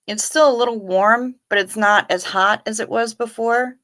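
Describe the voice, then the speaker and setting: A middle-aged woman casually hosts a livestream, reading viewer comments aloud with dry, sardonic asides. She talks at a normal speed, her voice highish, steady, and fairly bright.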